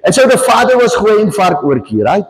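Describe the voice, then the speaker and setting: A man preaching a storytelling sermon, animated and repeating his key lines for emphasis. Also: high voice, moderate pace. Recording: long hall reverb.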